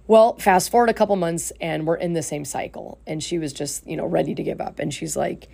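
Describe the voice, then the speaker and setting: A woman who works as a life coach and hosts a podcast tells a story about a client in a casual, earnest way, acting out the quotes as she retells conversations. Her voice is low-pitched and dark in tone with vocal fry, and she speaks briskly.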